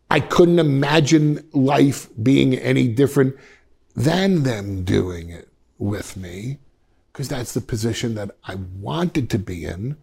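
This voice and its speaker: A man in his fifties from Westchester, New York, speaks as a podcast guest, with a gravelly, fry-tinged voice at an ordinary pitch. He tells stories animatedly, restarting his sentences often and slipping into quoted voices. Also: lively intonation, slow pace, a little mellow. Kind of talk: reflective storytelling in a podcast interview.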